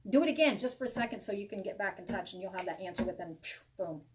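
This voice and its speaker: A woman's voice: mid-range voice, lively intonation, quick pace, far from the mic, noisy background. A woman giving a live tarot reading to viewers, chatty and reassuring, rambling with many restarts. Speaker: tarot reader.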